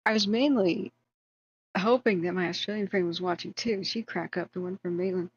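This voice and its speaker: A woman's voice: fairly low pitch, fairly even intonation, normal speed, husky. Rambling woman streamer, muffled audio. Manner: rambling, self-deprecating, many fillers. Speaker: live stream host. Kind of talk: casual storytelling.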